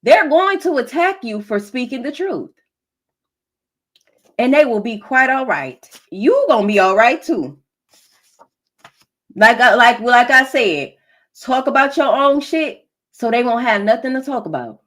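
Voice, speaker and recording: Woman, high voice, emphatic tarot reader, laughs a lot. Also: big pitch swings, a little slow, pauses often, a bit bright. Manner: emphatic, preachy, laughs often. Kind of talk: collective tarot reading.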